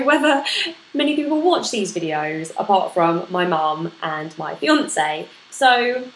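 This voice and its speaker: A woman, chatting casually to camera as she answers questions about motherhood, often laughing at herself. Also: mid-range voice. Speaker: vlogger answering a parenting tag. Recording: echoey room with faint noise.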